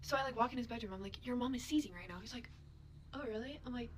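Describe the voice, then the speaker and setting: A young woman tells a casual storytime, chatty and full of fillers. Her voice sits a bit high, and she slips into whispered asides now and then. A faint hiss runs under the recording. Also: very fast.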